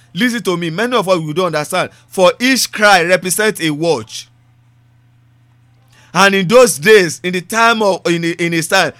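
A man's voice: high voice, sharp tone, no echo. A man preaching a sermon, building emphasis through repeated phrases and loose grammar. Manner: preaching with repetition and rising emphasis.

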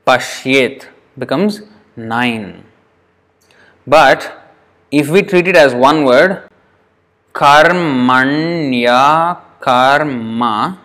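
A man teaching Sanskrit pronunciation to a class, patient and repetitive, drawing words out slowly to demonstrate them. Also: mid-range voice, a bit bright. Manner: patient, repeats words slowly to show how they sound.

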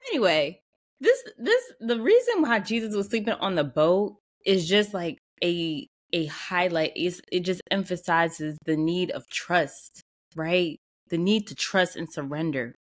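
A woman's voice: fairly low pitch, expressive, a little slow. A woman hosting a casual, faith-based motivational talk, speaking conversationally, repeating phrases for emphasis and laughing often. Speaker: podcast host.

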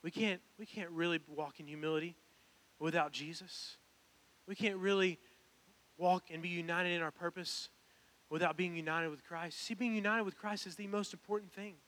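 A man's voice: high-pitched, steady tone, normal speed, fairly bright tone. A young man, preaching a personal, earnest sermon that builds to emphatic calls. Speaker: pastor. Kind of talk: sermon with altar call.

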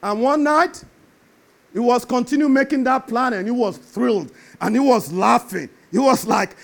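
A man preaching a sermon, animated and building to emphatic shouts. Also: extremely high pitch, normal speed, gravelly.

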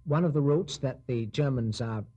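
A man on a radio quiz panel, answering in a measured, thoughtful way with frequent pauses. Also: mid-range voice, dark tone, breathy edge. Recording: muffled 1940s radio broadcast.

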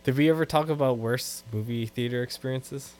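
A man co-hosting a podcast in casual chat, relaxed and laughing easily. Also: medium pitch, brisk. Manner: relaxed, trailing off, laughs often. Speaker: podcast co-host.

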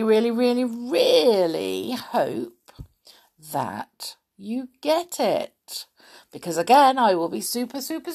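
A woman's voice: mid-range voice, vocal fry. A woman hosting a podcast in a playful, chatty way, drawing out words for emphasis. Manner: playful, drawn-out emphasis, chatty with many fillers. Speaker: podcast host. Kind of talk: casual chat to listeners.

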